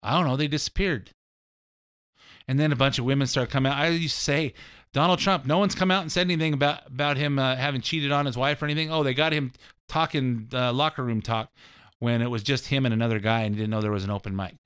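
A man's voice: mid-range voice, fairly even intonation, fast, fairly bright tone, clean tone. A middle-aged man hosting a show, talking through an opinionated monologue in a blunt, ranting way that often repeats itself. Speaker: show host.

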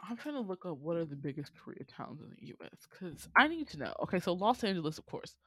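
Woman co-host, casual chat with big pitch swings and salty language, close and dry. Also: fast talker, no room sound. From United States. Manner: animated, swears freely, laughs often. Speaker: podcast co-host.

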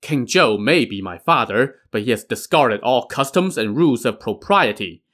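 A man's voice: medium pitch, animated, normal speed, fairly bright tone. A man voicing an earnest, dutiful young prince who is easily swayed.

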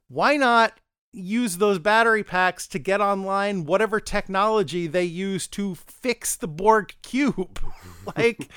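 A man's voice: high voice, fairly bright tone, clean tone, dry recording, clean studio sound. A man hosting a podcast, casually reviewing a TV episode, rambling, chuckling and acting out the characters' lines. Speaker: podcast host.

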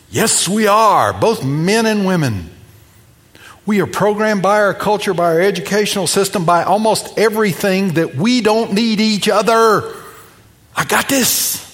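A man preaching a sermon, telling a gospel story and acting out its voices, moving between loud and hushed. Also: high voice, lively intonation, unhurried. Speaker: pastor. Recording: long reverb of a hall.

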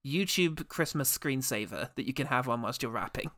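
A man hosting a podcast in casual chat, laughing often and trailing off quietly at the ends of lines. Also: medium pitch, lively intonation, moderate pace, no room sound, studio quality. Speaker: podcast host.

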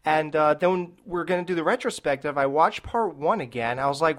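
A man's voice: fairly high pitch, a little fast, hardly any pauses, fairly bright tone. A man hosting a podcast, chatting casually and enthusiastically and calling his guest dude. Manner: enthusiastic, calls people dude. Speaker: podcast host.

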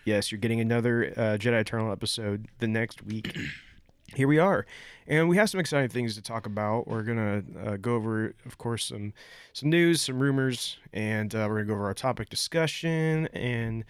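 A man's voice: medium pitch, normal speed, smooth, dry recording. Chatty man hosting a podcast. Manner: loose and jokey, rambling with fillers. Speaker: podcast host. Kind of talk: casual podcast chat.

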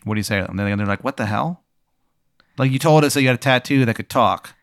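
A man narrating an improvised comic scene, rambling and deadpan with many fillers. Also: mid-range voice, rapid-fire, smooth, dry recording, clean studio sound.

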